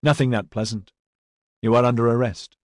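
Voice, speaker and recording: A man's voice: medium pitch, fairly even intonation, normal speed, no echo, clean studio sound, close to an everyday voice. A man voicing Edyard, a firm squad leader. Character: firm, authoritative adult male squad leader.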